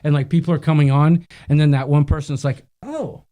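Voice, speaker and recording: A man's voice: a little high, level tone, fast talker, mellow. A man co-hosting a live cruise show, chatting casually, telling stories and reading out viewer comments. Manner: chatty storyteller, reads viewer comments aloud. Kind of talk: casual live-stream chat.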